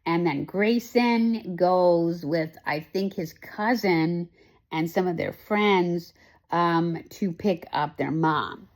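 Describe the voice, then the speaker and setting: A woman's voice: lowish voice, slow. A woman hosting a casual chat, recapping a TV show with lots of emotion, rambling with many fillers and restarts. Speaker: host.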